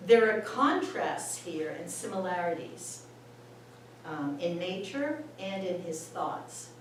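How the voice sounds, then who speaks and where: A woman explains poems to a roomful of singers in an easygoing, chatty way. She talks slowly and laughs often. She is heard from well off the mic in a hall full of echo, with a faint hum behind her. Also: lowish voice, big pitch swings. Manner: chatty and unhurried, laughs often, reads lines aloud. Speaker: former school administrator giving a talk to choir singers. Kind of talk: informal talk on poetry. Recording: echoey room, voice far from the mic, faint background noise.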